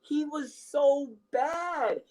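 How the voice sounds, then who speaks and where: A man's voice: very high-pitched, very slow, a little mellow, poor audio. A man co-hosting a sports podcast, ranting with heavy profanity and frustration. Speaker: podcast co-host. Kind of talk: heated sports rant.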